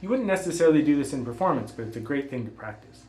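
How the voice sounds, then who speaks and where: A man giving a classical guitar lesson, explaining technique calmly and patiently and calling out finger letters. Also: fairly high pitch, rapid-fire. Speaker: guitar teacher. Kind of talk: spoken instruction between playing. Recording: roomy sound with guitar playing.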